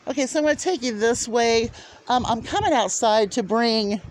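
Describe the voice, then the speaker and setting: A woman vlogging casually as she walks around her small farm outdoors, chatting to the camera and cooing at her animals in a sing-song voice. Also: normal speed. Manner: chatty, rises to high sing-song baby talk with animals. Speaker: homestead vlogger. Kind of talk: casual walking farm vlog.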